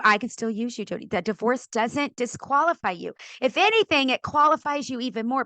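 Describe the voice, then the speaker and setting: A middle-aged woman from California, a podcast guest and author, telling her faith story in an animated way, acting out quoted voices and laughing often. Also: mid-range voice, dry recording. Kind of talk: animated testimony in a faith interview.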